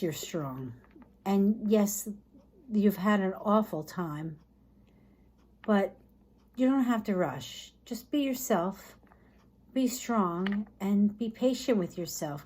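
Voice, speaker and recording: A woman giving a casual tarot reading, thinking aloud in a chatty, tired way, sometimes dropping low and soft. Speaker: tarot reader.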